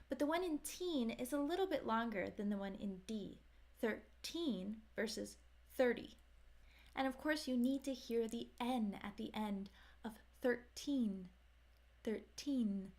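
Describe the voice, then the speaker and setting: A woman with an American accent teaching English pronunciation, saying numbers slowly and carefully for learners to repeat. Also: on the high side. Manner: slow, careful, over-articulated modelling of words. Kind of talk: scripted pronunciation lesson.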